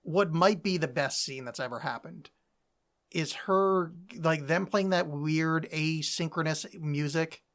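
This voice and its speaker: A woman co-hosting a podcast in casual chat, animated and laughing, slipping into quick mock voices. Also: sits low. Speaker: podcast co-host.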